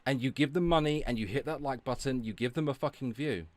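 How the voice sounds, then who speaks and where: A man's voice: medium pitch, fast talker, dry recording. A man streaming live, ranting with heavy swearing and sarcasm and stopping to thank viewers for donations. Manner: profane, sarcastic, loud outbursts. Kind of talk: ranting livestream chat.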